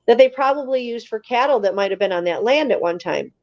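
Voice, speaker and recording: A woman's voice: a little high, fast talker, dry recording, muffled recording. A woman, a guest on a live show, telling her story casually and emphatically, acting out the voices of the people in it. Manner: animated, emphatic, acts out quoted voices.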